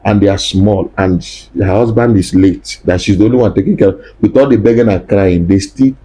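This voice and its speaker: A man's voice: fairly low pitch, a little fast, mellow. A man, hosting a podcast and breaking in with short questions and reactions. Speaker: podcast host. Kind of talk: interviewing, reacting.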